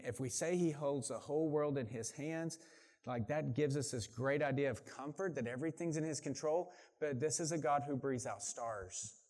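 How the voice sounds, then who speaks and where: A man delivers a sermon in a slightly high voice. He swells with energy as he reads scripture aloud. He drops into relaxed, folksy asides to his listeners. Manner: animated, builds volume and pace when reading scripture aloud; casual asides, addresses the congregation as y'all. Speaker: pastor.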